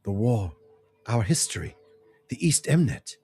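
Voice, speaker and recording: A man's voice: lowish voice, very animated, a little slow, husky, exaggerated voice. A man voicing a grief-maddened, vengeful warrior who speaks bitterly and accusingly in a fantasy game. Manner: bitter, accusing, bursts into shouting.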